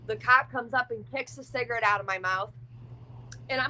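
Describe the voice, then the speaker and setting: A woman tells her story in a casual, unfiltered way, cursing often and filling pauses with "like." Her voice is bright and a little high, with a faint hiss of noise behind it. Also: rough recording. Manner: blunt and profane, heavy use of "like". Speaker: interview guest.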